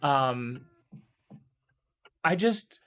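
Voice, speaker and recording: A man chatting casually on a live stream, excitable and emotional, rambling and restarting, his voice still strained from recovering. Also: medium pitch, very slow, clear, resonant tone.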